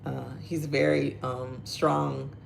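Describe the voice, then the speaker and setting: A woman's voice: rumbling low, flat delivery, slow pace, creaky, slight background noise. A middle-aged woman hosting a casual devotional talk, earnest and conversational, reading viewer comments aloud. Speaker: devotional host.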